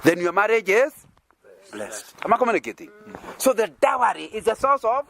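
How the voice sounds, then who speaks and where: A Kenyan-accented man teaching a sermon in a fairly high voice. His pitch swings widely as he talks. He keeps throwing rhetorical questions at the congregation and chuckling between points. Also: wildly swooping pitch, moderate pace, gravelly, a bit bright. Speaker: preacher.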